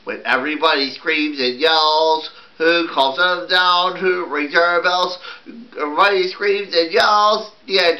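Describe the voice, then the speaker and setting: A man's voice: a little high, bright, forceful tone, low-quality recording. A man doing a bossy show-off puppet girl. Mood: showy. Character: bossy showy young girl, puppet star. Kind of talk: puppet musical singing.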